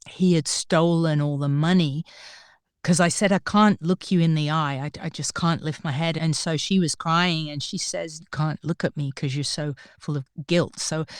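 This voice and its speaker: A woman guest on a podcast, telling a personal story in an animated way and acting out the voices of the people in it. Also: deep voice, dry recording, clean studio sound. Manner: animated, acts out quoted voices. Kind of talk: storytelling in an interview.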